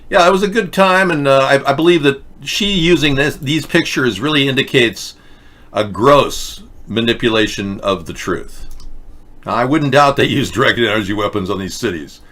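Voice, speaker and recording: A man's voice: medium pitch, expressive, normal speed, sharp tone. A man hosting a livestream show, rambling in a joking, conspiratorial way and slipping into mock announcements. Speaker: show host.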